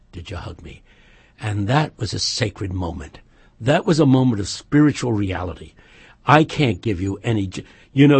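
Raspy, animated male storyteller. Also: mid-range voice. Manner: animated, joking, laughs often, drops to a hush for serious points. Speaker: radio guest. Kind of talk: casual chat and storytelling.

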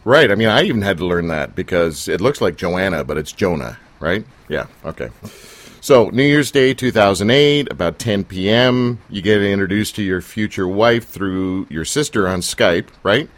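A man with a fairly low voice hosts a casual, joking interview. He rambles, teases his guest and pads his questions with fillers and asides. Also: expressive, moderate pace, hardly any pauses, no echo. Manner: jokey, teasing, with fillers and laughs. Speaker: interviewer and show host.

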